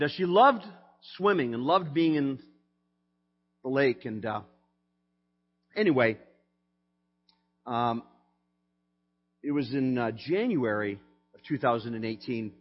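A middle-aged man telling a personal faith story in a conversational way, with many fillers, sometimes lively and sometimes quiet and subdued. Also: medium pitch, a little slow, pauses often, breathy edge. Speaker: speaker sharing a testimony. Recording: reverberant hall, dull lo-fi sound.

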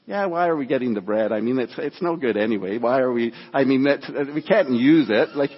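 A man's voice: mid-range voice, lively intonation, rapid-fire, slightly rough. A man voicing a grumbling woman van driver who gripes with whiny questions, in a dull recording with hall reverb.

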